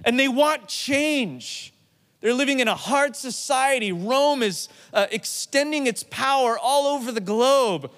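High-voiced pastor preaching in a hall. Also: male voice, animated, unhurried, a bit bright. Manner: informal, joking, retells scripture in everyday slang. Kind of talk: casual conversational sermon.

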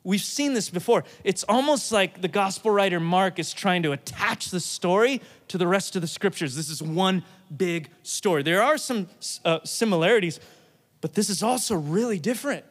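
Animated high-voiced male preacher. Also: normal speed. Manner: playful, animated, acts out quotes. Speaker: pastor. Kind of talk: sermon.

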